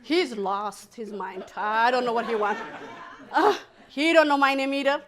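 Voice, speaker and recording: Lively woman telling a personal story. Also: fairly high pitch, unhurried. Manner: animated, acts out quoted voices, laughs often. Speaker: storyteller guest. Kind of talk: personal storytelling at a live event.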